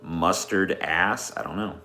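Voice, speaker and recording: A man's voice: low-pitched, unhurried, creaky, bright, forceful tone. A man hosting a casual livestream, laid-back and swearing often as he answers chat requests. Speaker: livestream host. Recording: echoey room with music behind.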